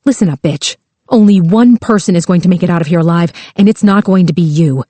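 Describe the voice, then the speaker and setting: A woman's voice: on the low side, a little fast, no room sound, close to an everyday voice. A woman reading a desperate, hostile captive woman who snarls and screams curses. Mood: snarling. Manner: snarling, barking, shouting profanity.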